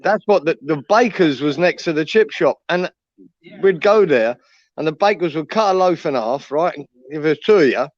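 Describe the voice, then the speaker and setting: Man, slightly higher voice, sweary banter, dry lo-fi audio. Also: animated, moderate pace, no room sound. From East London. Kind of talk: casual chat.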